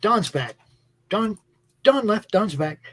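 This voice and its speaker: A man's voice: high-pitched, big pitch swings, takes it slowly, fairly bright tone, husky, low-quality recording. A man hosting a casual chat, enthusiastic and rambling, with many fillers and restarts. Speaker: host. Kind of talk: casual chat about comic books.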